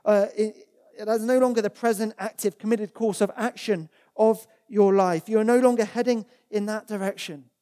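Fields: Role: preacher. Style: sermon. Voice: mellow. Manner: earnest, emphatic, repeats words for stress. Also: medium pitch, fairly even intonation, moderate pace.

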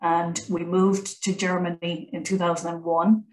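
A woman's voice: on the low side, little pitch movement, unhurried, echoey room, poor audio. A woman, a college founder chatting as an interview guest, talkative with many fillers and restarts. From Ireland. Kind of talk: conversational interview.

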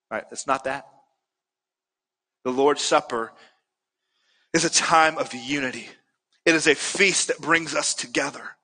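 A man's voice: high-pitched, sharp tone, big-room sound. A male pastor preaching a sermon earnestly, building to emphatic peaks.

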